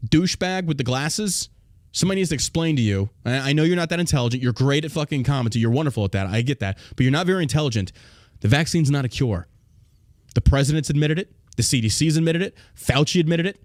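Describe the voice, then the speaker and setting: In a studio-quality, dry recording, a man with a slightly high voice hosts a podcast and rants about politics. His tone is heated and mocking, and he swears freely.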